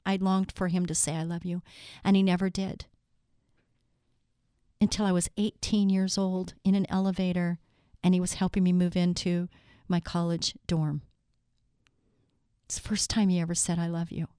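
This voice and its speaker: A middle-aged woman delivers a devotional talk with scripture readings, earnest and heartfelt as she speaks straight to her listeners. Her voice is smooth and clear, recorded close and dry. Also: lowish voice, level tone, normal speed, pauses often, dark tone, dry recording. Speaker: Christian speaker.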